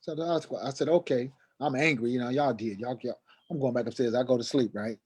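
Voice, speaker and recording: Animated male storyteller. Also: mid-range voice, fairly quick, slightly rough. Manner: acts out quoted dialogue, voice rising sharply when agitated. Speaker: guest telling a personal story.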